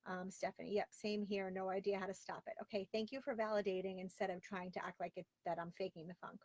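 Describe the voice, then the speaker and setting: With no room sound, her medium-pitched voice comes across flat, quick, and a little mellow. She's in her thirties, from Florida by way of Long Island, and hosts a casual live video show from a closet at home. Reading viewer comments, she talks candidly, chatty and exasperated, leaning on "like."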